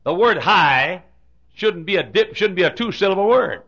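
Southern preacher, folksy humor, high animated delivery, old lo-fi tape sound. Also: male voice, measured pace. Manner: folksy, joking asides, frequent throat clearing. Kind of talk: humorous sermon storytelling. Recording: dull lo-fi sound.

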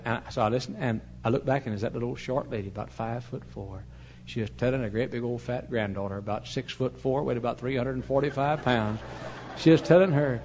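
A man's voice: medium pitch, a little hiss or hum. An older man preaching a sermon, telling a story and acting out both sides of a conversation, laughing now and then. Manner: animated storyteller who acts out the voices in the story and laughs as he talks.

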